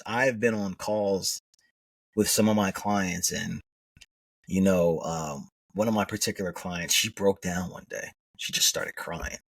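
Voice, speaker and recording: Middle-aged man, coach guest. Earnest storyteller, husky and low, recorded dry from a bit back from the mic. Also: no echo, far from the mic. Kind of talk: conversational podcast interview.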